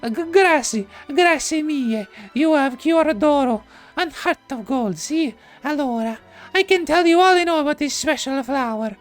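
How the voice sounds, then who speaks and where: A man voicing a grieving Italian woman in a high falsetto, with a put-on Italian accent and broken English. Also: animated, normal speed, few pauses, soft background music. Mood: pleading.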